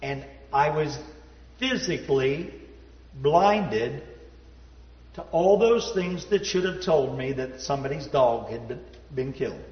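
A man telling a personal story in a sermon, folksy and self-deprecating, dropping to a low hush at the sad parts. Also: animated, slow pace. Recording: roomy hall reverb, dull sound.

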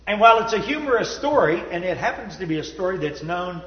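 A man telling a personal story in a sermon, folksy and self-deprecating, dropping to a low hush at the sad parts. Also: expressive, fast talker. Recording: roomy hall reverb, dull sound.

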